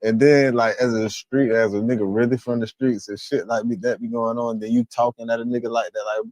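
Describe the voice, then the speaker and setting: A man's voice: medium pitch, flat delivery, brisk, hardly any pauses, a little mellow, no room sound. A man hosting a stream who gives rambling, profane reaction commentary and sometimes gropes for words. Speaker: stream host.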